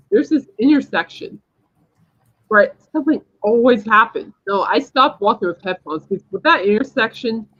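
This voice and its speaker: A woman's voice: mid-range voice, fairly bright tone, breathy edge. A woman hosting a podcast, telling a personal story in a rambling, emphatic casual chat. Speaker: podcast host. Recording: dull lo-fi sound.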